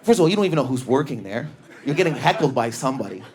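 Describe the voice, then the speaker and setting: A Canadian man doing stand-up, telling animated stories and bursting into shouted impressions of other people. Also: mid-range voice, rapid-fire. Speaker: stand-up comedian. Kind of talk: stand-up routine. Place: comedy club stage before a live audience. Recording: live club with loud crowd laughter. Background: audience laughter.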